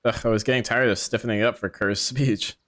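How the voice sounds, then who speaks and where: A man's voice: fairly low pitch, steady tone, a little fast, fairly bright tone. A man commenting casually on a story game as he plays, joking and swearing offhand. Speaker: gaming streamer. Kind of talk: casual let's-play commentary.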